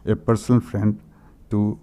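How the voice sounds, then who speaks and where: An older man reads condolence messages at a memorial. His voice is low and very warm, and he halts often with fillers and throat-clearing. He is openly emotional as he reads. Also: flat delivery, measured pace. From India. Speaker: speaker at a memorial tribute. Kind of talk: reading condolence messages aloud.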